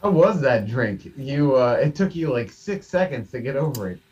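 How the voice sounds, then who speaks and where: A man's voice: medium pitch, lively intonation, normal speed, darkish tone, far from the mic. Man, casual podcast chat, joking, laughs a lot, muffled recording. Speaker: podcast co-host. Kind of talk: casual chat over drinks.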